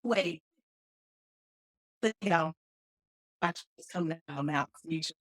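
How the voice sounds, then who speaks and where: A woman in her thirties from Dallas, a comedian guest telling a story in a casual, animated interview over a call. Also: deep voice, measured pace, no echo, rough recording. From Dallas, Texas. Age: 30s. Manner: joking, animated storyteller with playful asides. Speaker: guest, comedian and flight attendant. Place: remote call.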